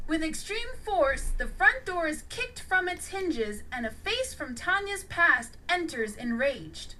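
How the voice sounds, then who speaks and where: A woman reading an audiobook story aloud in a lively, sing-song manner. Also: extremely high pitch, takes it slowly, few pauses, poor audio. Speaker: audiobook narrator. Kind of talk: storybook read-aloud narration.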